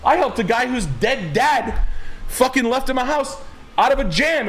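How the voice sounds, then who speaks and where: Swearing, animated man ranting on stream. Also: very high voice, moderate pace. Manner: loud, swearing, emphatic, rambling. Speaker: streamer host. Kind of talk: profane livestream rant.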